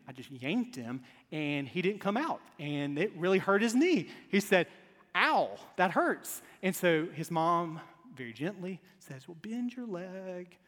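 A male pastor preaching a sermon to his congregation, telling stories with humor and swinging from quiet asides to loud emphasis. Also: high voice. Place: church sanctuary before a congregation. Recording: long reverb of a large church hall.

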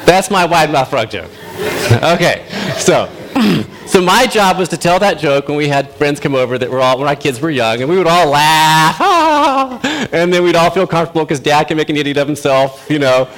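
A man's voice: a little high, brisk, a bit bright. A man preaching a sermon in a folksy, self-deprecating way, telling stories with animation. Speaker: pastor.

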